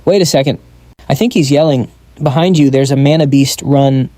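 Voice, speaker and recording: A woman's voice: rumbling low, normal speed, warm tone, no room sound. A man voicing a frightened young woman who pleads desperately. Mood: pleading.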